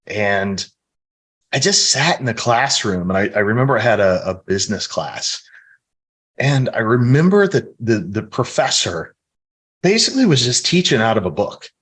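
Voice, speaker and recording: A man's voice: lowish voice, very animated, moderate pace, a bit bright, slightly rough. A middle-aged man from the American Midwest, earnestly telling stories from his life as a guest in a casual podcast interview. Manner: earnest, storytelling, reflective.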